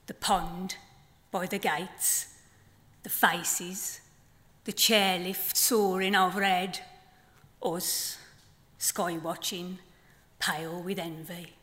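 A woman with a Black Country accent voicing a weary, tart-tongued grandma flamingo in a performed poem, low and grumbling. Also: fairly even intonation, drawn-out words, long pauses, a bit bright. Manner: low, dry, grumbling delivery. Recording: long hall reverb.

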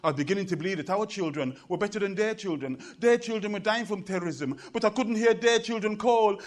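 High and a bit bright, the voice belongs to a middle-aged British man doing poetry live. His performance has a rhythmic, chanting quality, and he trades playful banter with the audience.

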